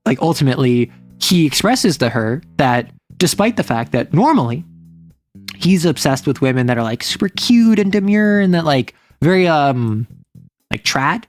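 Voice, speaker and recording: A woman streamer in casual chat, rambling along with plenty of fillers. She slips into quick acted snippets of the people she quotes, and soft music plays faintly behind her voice. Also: sits low, lively intonation. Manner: rambling, filler-heavy, acts out quoted lines. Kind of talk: casual chat about romance stories.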